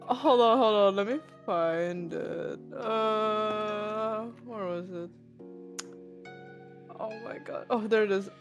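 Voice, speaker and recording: A woman's voice: mid-range voice, takes it slowly, faint music behind. A woman guest on a stream, chatting casually and reacting with laughs and exclamations.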